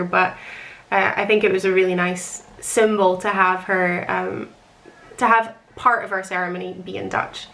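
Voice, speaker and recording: A woman's voice: medium pitch, bright, forceful tone. A young woman telling a long, rambling personal story in a chatty, emotional way, often laughing. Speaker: author recounting her wedding.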